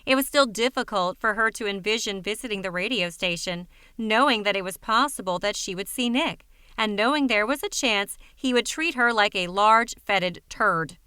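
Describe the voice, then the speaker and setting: Woman narrator, audiobook, wry even storytelling, bright voice, dry close mic. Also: mid-range voice, normal speed, clear, resonant tone, no room sound.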